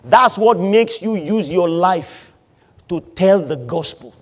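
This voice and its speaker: A man preaching a sermon, asking the congregation questions and answering them, swinging between loud emphatic lines and quieter asides. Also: high voice, expressive, takes it slowly. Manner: call-and-response questions to the congregation.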